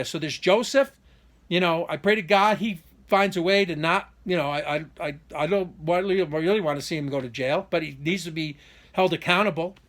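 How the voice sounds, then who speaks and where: Speaking directly to the camera, this vlogger delivers a personal update in an off-the-cuff monologue that wanders and keeps restarting. His voice is fairly high and a bit bright. He sounds aggrieved and indignant, rushing ahead in spurts on the points that matter to him.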